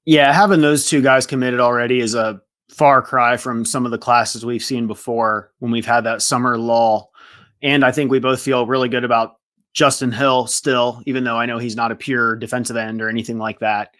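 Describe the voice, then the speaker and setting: A man's voice: mid-range voice, little pitch movement, moderate pace, fairly bright tone. A man co-hosting a casual sports podcast, thinking aloud and hesitant. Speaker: podcast co-host.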